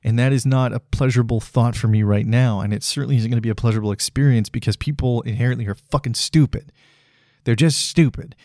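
A podcast host in his thirties delivers a solo monologue, blunt and frustrated, swearing freely and cutting himself off to restart. His medium-pitched voice is warm and steady, moving fast with few pauses in a dry, clean studio recording.

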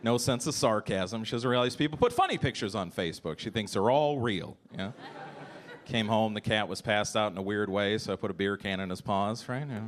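A man in his thirties performing a stand-up comedy set, animated and jumping into shouted voices for jokes. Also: fairly low pitch, a little fast. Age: 30s. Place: comedy club stage.

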